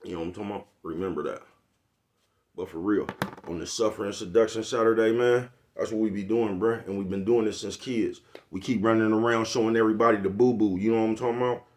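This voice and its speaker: A man's voice: lowish voice, steady tone, fast talker. An older man, giving a blunt, preachy, profane motivational monologue to his viewers. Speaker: vlogger.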